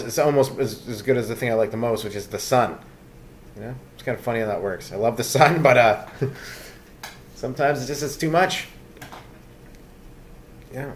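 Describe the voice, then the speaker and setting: A man's voice: medium pitch, a little hiss or hum. A man from Canada hosting a solo comedy podcast, rambling loosely from one aside to the next with lots of fillers.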